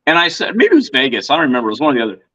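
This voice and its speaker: A man's voice: mid-range voice, wildly swooping pitch, rapid-fire, sharp tone, dull audio. A man guesting on a podcast, telling stories in a rambling, casual way full of fillers and restarts. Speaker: podcast guest, reptile vendor. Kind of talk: casual storytelling chat.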